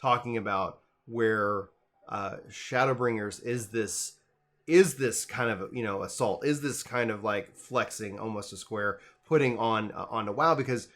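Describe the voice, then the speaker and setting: A man's voice: fairly low pitch, measured pace, a bit bright. A man hosting a casual gaming podcast, talking enthusiastically in rambling runs with frequent restarts. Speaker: podcast host.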